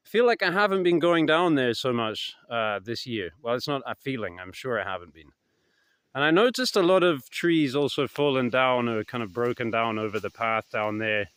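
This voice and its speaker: A man telling stories in a casual vlog, rambling and hesitant, his voice trailing off softly at the ends of thoughts, recorded outdoors in woods. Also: medium pitch, lively intonation, normal speed, clear, resonant tone, no echo, studio quality. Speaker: vlogger. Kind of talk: casual anecdotal storytelling.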